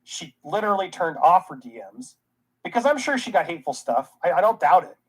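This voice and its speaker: A commentary host reacting to a clip, ranting with indignation and sarcasm. The voice sits at an ordinary middle pitch. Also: big pitch swings, brisk, husky, rough recording.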